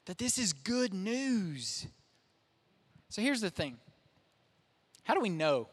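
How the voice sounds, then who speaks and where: A man's voice: high-pitched, sing-song, takes it slowly, breathy edge. A young man, a pastor, preaching a sermon in a conversational, self-deprecating way. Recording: reverberant hall.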